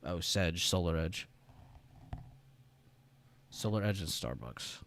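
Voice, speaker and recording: A man's voice: low voice, expressive, slow, vocal fry, fairly bright tone, a little hiss or hum. Rambling young man hosting a live stream. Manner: rambling, reads chat aloud, swears casually. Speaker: live-stream trading host. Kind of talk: casual live-stream chat.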